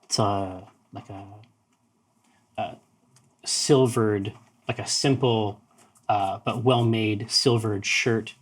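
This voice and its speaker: A man's voice: fairly low pitch, steady tone, takes it slowly, long pauses, poor audio. A man running a tabletop game as game master, describing scenes in a hesitant way with many fillers.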